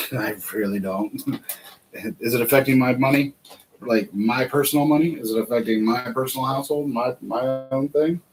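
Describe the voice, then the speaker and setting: A man's voice: medium pitch, moderate pace, a little mellow, low-quality recording. Rambling American man, chatty host. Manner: rambling, chatty, laughs often. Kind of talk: casual livestream chat.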